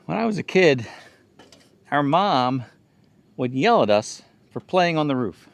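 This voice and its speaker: A man's voice: a little high, sing-song, a little slow, vocal fry, a little hiss or hum. A man hosting his own home-repair video, explaining each step plainly and thinking aloud as he works. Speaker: DIY channel host. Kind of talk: casual how-to narration.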